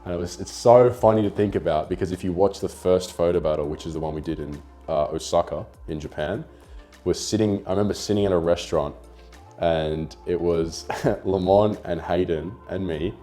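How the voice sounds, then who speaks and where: With faint music in the background, a young Australian man who works as a photographer and YouTuber is interviewed. He rambles casually, full of "like" and the occasional swear word. His voice sits low and he speaks at normal speed.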